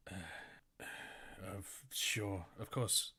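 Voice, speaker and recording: A man's voice: on the low side, steady tone, slow, sharp tone. A man running a tabletop game as game master, chatty and rambling, laughing often.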